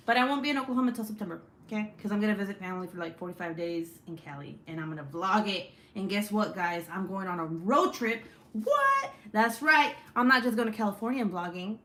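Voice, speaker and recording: A woman's voice: mid-range voice, fast, fairly bright tone. Chatty woman rambling on a craft livestream. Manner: chatty, rambling, swears freely, reads chat comments aloud. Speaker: craft channel host. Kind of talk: casual livestream chat.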